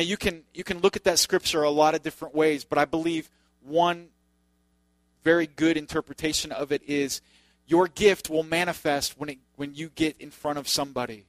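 A man's voice: a little high, a bit bright, no echo. A man preaching a sermon in a loose, conversational way, with joking asides to the congregation. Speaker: pastor.

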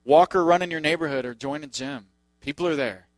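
A man's voice: on the high side, fairly quick, no echo. A man preaching a sermon in a loose, conversational way, with joking asides to the congregation. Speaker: pastor.

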